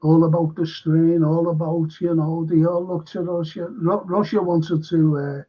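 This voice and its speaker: On a casual livestream with dull lo-fi audio, a Liverpool historian chats in a rambling way, reading viewer comments and swearing freely in his Liverpool accent. His voice is on the high side with a breathy edge, a level tone and a slightly slow pace.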